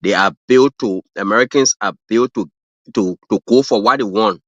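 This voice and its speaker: With a creaky medium-pitched voice whose pitch swoops wildly, an African man with an African accent guests on a livestream at a moderate pace. He chats casually and rambles, full of fillers and restarts, laughing at his stories, all in dull, dry lo-fi audio.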